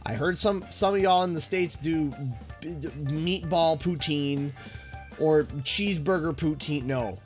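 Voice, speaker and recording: A man's voice: a little high, unhurried, soft background music. A young adult man with a Canadian accent, chatty, giving live gameplay commentary and thanking viewers as a gaming streamer. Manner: chatty, thanks viewers, mutters about the game.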